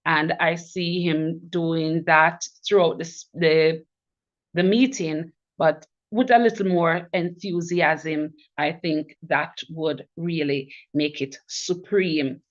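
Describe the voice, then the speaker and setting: A woman's voice: low-pitched, fairly even intonation, takes it slowly. A woman giving feedback as general evaluator at a speaking club meeting, encouraging and praising each evaluator in turn. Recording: dull lo-fi recording.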